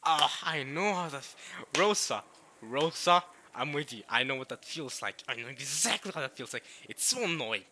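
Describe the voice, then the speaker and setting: A young man gives excitable commentary on a visual novel, reading it aloud as he goes. His voice is fairly high and very sharp and bright, and it swings widely in pitch. He stammers often and breaks into laughs. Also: normal speed, a little hiss or hum. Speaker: let's play commentator.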